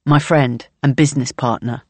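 A woman voicing a wary middle-aged man with a gravelly voice and an authoritative, politician-like way of talking, in an audiobook. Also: rumbling low, steady tone, moderate pace, a little mellow, no room sound. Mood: wary, curt.

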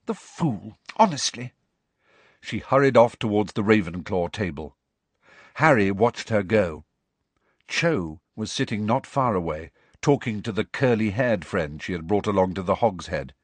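A man's voice: fairly low pitch, moderate pace, no room sound. A man narrating a novel as an audiobook, telling it expressively. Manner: expressive storytelling. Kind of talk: scripted narration.

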